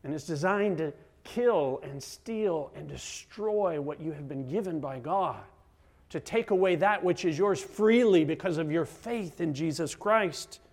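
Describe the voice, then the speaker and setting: With a slightly high voice and a measured pace, a middle-aged pastor preaches dramatically, alternating between forceful loud emphasis and quiet near-whispers.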